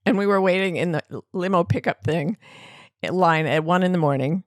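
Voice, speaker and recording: A woman co-hosting a podcast, telling comic stories in a casual, animated way with frequent laughter. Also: fairly low pitch, fairly quick, no room sound, studio quality. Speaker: podcast co-host. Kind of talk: casual chat.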